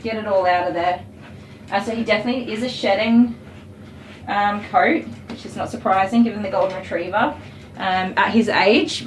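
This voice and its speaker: A woman's voice: medium pitch, echoey room, far from the mic, slight background noise, low-quality recording. Chatty woman groomer with a cold. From Australia. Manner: chatty, explains as she works, coos to the dog. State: has a cold, short of breath. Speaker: dog groomer. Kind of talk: live-stream grooming commentary. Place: grooming salon.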